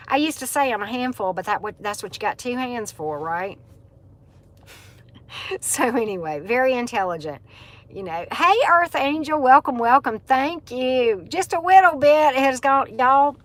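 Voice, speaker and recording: A middle-aged woman, hosting a casual live chat with viewers. She talks in a chatty, animated way and laughs often. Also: fairly high pitch. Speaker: livestream host.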